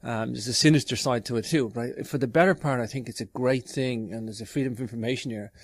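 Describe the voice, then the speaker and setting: Male interviewer at mid pitch in a dry, close recording, agreeable in tone. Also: steady tone, quick pace, dry recording. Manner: agreeable, with frequent fillers. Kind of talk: casual conversation.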